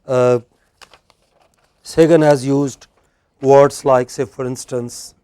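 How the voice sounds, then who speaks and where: A man's voice: mid-range voice, flat delivery, slow pace, warm tone, smooth, dry recording. A man teaching a class, chatty, restarting sentences and quizzing his students. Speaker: English teacher. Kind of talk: classroom instruction. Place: indoor classroom.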